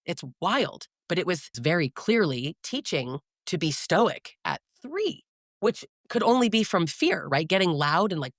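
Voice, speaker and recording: A woman hosting a podcast, telling stories in an animated, incredulous way, close to the mic. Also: on the low side, measured pace, no room sound. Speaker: podcast host. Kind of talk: casual conversational podcast.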